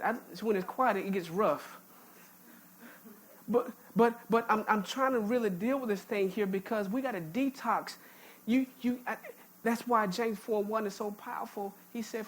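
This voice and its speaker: Speaking in a mid-range voice over slight background noise, this female pastor delivers a sermon in a church sanctuary. It's informal and jokey, folksy yet emphatic, with frequent repeated words on restarts.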